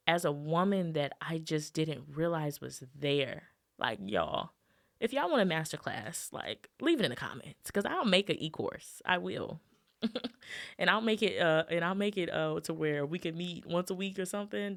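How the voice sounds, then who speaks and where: Young woman podcaster, kinda low voice, chatty and ranty, talks straight to her listeners. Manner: chatty, animated, addresses listeners as "y'all", ranting with laughs. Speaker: podcast host. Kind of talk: casual solo podcast talk.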